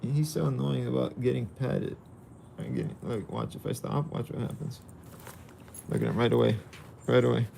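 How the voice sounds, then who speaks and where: Male vlogger, gravelly voice, lively pitch, playful casual chat outdoors. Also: moderate pace, a little hiss or hum. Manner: playful, talks to the dog. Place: outdoors with a dog.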